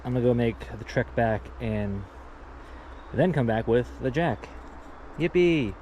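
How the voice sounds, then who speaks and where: A man's voice: mid-range voice, a little slow, dark tone, slight background noise. Winded man vlogging outdoors. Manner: chatty, self-narrating while walking. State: out of breath. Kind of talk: casual vlog narration. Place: outdoor junkyard.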